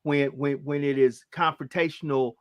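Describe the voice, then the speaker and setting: A man's voice: a little high, fairly even intonation, moderate pace, dry recording. A man hosting a casual talk show, often chiming in with "right" and "correct".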